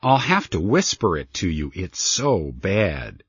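A man's voice: mid-range voice, sing-song, slow pace, fairly bright tone, slightly rough, dry recording, muffled recording, full character voice. A man voicing a rude, boastful young schoolboy with a blunt, cocky manner in a storybook reading. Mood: gleeful.

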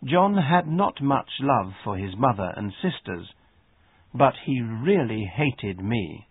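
Slow husky male reader. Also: medium pitch, big pitch swings, dry recording. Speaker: reader of an English lesson. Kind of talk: slow read-aloud narration. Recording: dry phone-like sound.

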